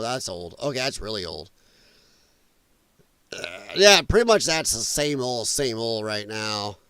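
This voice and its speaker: A man's voice: mid-range voice, a bit bright, clear, resonant tone, no echo. A man hosting an opinionated news commentary show, talking bluntly and mockingly, and rambling as he goes. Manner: rambling, trails off while scrolling. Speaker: podcast host.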